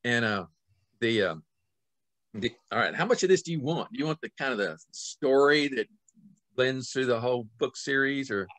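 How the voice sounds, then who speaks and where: Male author guest, middle-aged, animated yarn-spinner, dry close recording. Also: mid-range voice, normal speed, dry recording. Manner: lively, acts out scenes with sudden loud and soft swings. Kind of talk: animated storytelling in conversation.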